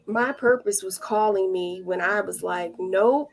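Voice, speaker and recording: A woman's voice: mid-range voice, a little slow, gravelly. A woman around forty, a podcast guest sharing her experiences in casual, earnest interview talk and acting out the voices in her stories. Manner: earnest storytelling, acts out quoted dialogue. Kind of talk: casual spiritual interview chat.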